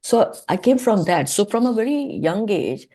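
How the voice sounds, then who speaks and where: A woman's voice: mid-range voice, very animated, moderate pace, dark tone. A middle-aged woman, a podcast guest vividly telling a story from her childhood and acting out the dialogue. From India. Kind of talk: storytelling interview.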